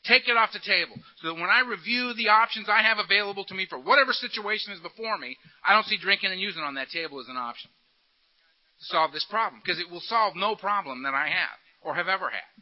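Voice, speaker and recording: A man speaks at a recovery meeting in a high voice, telling his story with punchy, joking energy. His delivery is animated and direct. The recording sounds dull and lo-fi. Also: fast. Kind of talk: recovery talk with humor.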